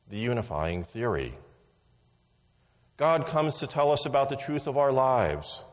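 A pastor preaching a sermon at a measured pace, slowing down to lean on key words. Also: male voice, medium pitch, long reverb tail.

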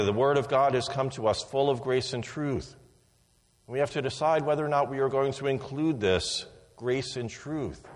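Brief: male pastor, mid-pitched, deliberate sermon delivery, long reverb tail.

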